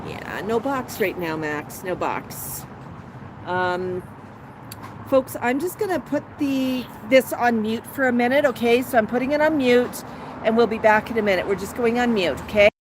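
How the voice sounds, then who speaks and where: A woman's voice: on the high side, animated, moderate pace, noisy background. A woman hosting a casual livestream on an outdoor patio, chatting to her pet bird and her viewers by turns. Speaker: parrot channel host.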